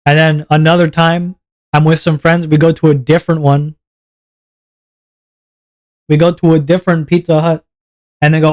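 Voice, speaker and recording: Young canadian guy streaming, ranting all worked up, swears a lot, voice a bit on the high side. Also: moderate pace, long pauses. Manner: animated, exasperated ranting with swearing and laughter. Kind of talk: casual livestream rant.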